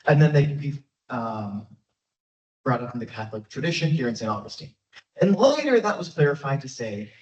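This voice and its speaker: Lively male history lecturer, roomy and distant. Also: medium pitch. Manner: lively, conversational, frequent fillers. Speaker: guest speaker, history lecturer. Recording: echoey, dull, from far off.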